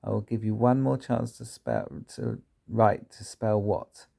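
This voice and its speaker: A bullying headmistress from a storybook, snapping and barking at small children, put on by a male reader. The voice is low and gravelly with a dark, mellow tone. She sounds domineering and scornful throughout. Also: sing-song, a little slow, full character voice. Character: bullying huge female headmistress, tyrannical.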